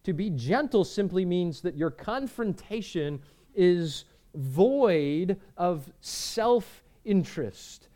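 A man preaching a sermon, earnest, repeating words and moving between emphatic lines and quiet ones. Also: sits high, animated, slow pace. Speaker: pastor.

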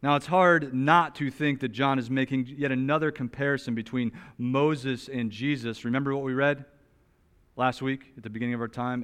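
A man preaching an expository sermon. He talks in an animated, emphatic way, rises loudly on some points, and drops to a soft, slow voice on others. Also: mid-range voice, clear, resonant tone. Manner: animated, emphatic, with wide swings in loudness. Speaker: pastor.

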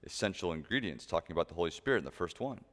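A man preaching a sermon, emphatic, shifting between loud stressed points and soft asides. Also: low voice, expressive, very fast. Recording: long reverb of a large hall.

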